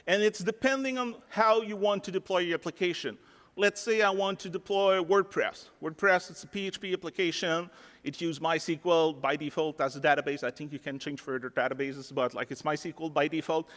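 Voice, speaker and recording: Demonstrating tech live at a conference, a French-accented man keeps things easygoing and conversational, sprinkling in fillers as he goes. His voice is a little high and a bit bright, echoing with the lengthy reverb of a big ballroom.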